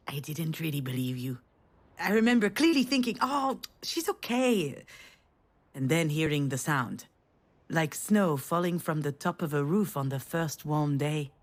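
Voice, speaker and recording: A woman voicing a mother in a video game, telling a family memory in a warm storytelling manner. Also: sits low. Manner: warm storytelling, rising to excited cries. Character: tender mother remembering a family trip.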